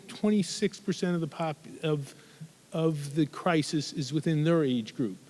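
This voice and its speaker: A man's voice: fairly high pitch, dark tone. Earnest middle-aged male conference speaker. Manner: earnest, builds points with statistics. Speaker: keynote speaker, physician. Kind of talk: conference keynote talk.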